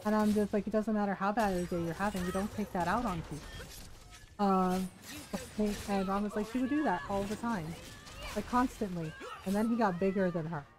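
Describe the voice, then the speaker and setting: A woman's voice: mid-range voice, brisk, poor audio. A woman game streamer chatting casually, animatedly telling a personal story, quoting people and laughing often. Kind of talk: casual storytelling chat while gaming.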